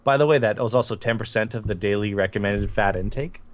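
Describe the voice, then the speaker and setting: A man's voice: lowish voice, quick pace. Rambling co-host man, off-mic. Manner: rambling, laughing storyteller. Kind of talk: casual chat.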